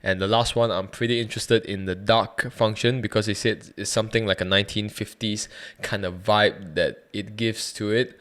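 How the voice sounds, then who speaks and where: A man's voice: lowish voice, steady tone, normal speed, few pauses, fairly bright tone. A young man, casually reviewing a microphone in a chatty, rambling way and correcting himself as he goes. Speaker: YouTube host reviewing a microphone.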